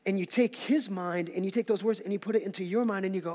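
A middle-aged male pastor preaching a sermon in a church, energetic and joking with the congregation. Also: sits high, quick pace, few pauses. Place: large church auditorium. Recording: long hall reverb.

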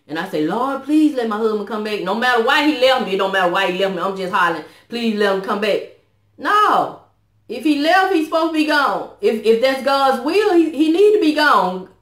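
A woman's voice: mid-range voice, a bit bright. Earnest woman vlogging in an echoey room. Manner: earnest, preachy, Southern US dialect features. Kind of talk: testimony vlog.

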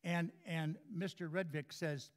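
A guest preacher, a man with a somewhat high voice, speaks to a church congregation. He tells stories in a folksy, chatty way, restarting and repeating words as he goes. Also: fairly even intonation, measured pace. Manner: folksy storyteller, repeats and restarts words, chuckles at own jokes. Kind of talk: sermon with a humorous story.

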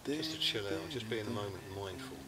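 A middle-aged British man hosting an outdoors channel, talking in an easygoing, relaxed way from a hammock in the woods. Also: on the low side, fast, heavy background noise. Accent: British English. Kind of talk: casual chat to camera.

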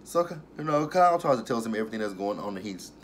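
Low-voiced man doing a blunt, profane recap. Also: animated, fast talker, slight background noise. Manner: blunt, profane, sarcastic running commentary. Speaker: TV show reviewer. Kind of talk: casual episode recap.

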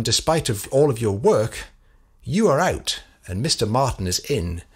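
A man reads the part of a middle-aged English detective who presses his questions in a cool, measured way. The voice is slightly husky and the pitch moves about lively as he builds his case.

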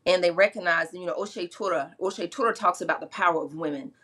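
Middle-aged lady, a priestess, chatting and retelling old myths, kinda low voice, earnest. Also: fairly quick, fairly bright tone, breathy edge. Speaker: spiritual practitioner and priestess. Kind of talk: casual conversational storytelling.

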